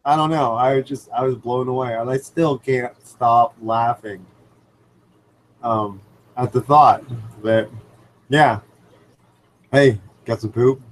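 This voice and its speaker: A man's voice: medium pitch, slow pace, long pauses, slight background noise, rough recording. Rambling man hosting a home livestream. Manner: animated storyteller, rambling with many fillers. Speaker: livestream host. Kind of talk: casual live chat and anecdote. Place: indoors at home by a fish tank. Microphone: computer microphone.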